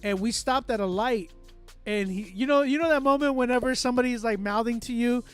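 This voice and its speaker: A man from Texas with a Texan accent, hosting a casual chat and telling animated, self-mocking stories. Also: very high voice, a little fast, smooth, faint music behind. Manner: animated storytelling, loud excited outbursts, self-mocking laughs. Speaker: host. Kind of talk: casual chat with live chat readers.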